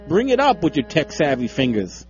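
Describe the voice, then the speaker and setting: A man's voice: a little high, wildly swooping pitch, moderate pace, a little mellow, soft background music. A young man co-hosting a radio show, bantering casually and teasing his co-host with frequent laughter. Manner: joking, teasing, laughs often. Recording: dull lo-fi radio stream.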